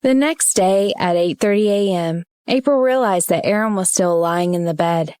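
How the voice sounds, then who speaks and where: A woman narrating an audiobook in an even, steady reading voice. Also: lowish voice, normal speed, few pauses, clean tone, no echo, studio quality. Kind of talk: scripted narration.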